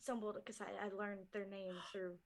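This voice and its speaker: A woman voicing a shy, hesitant adventurer in a tabletop game, speaking softly and haltingly. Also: medium pitch, little pitch movement, gravelly, voice pushed down, close to an everyday voice. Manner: hesitant, halting, soft-spoken.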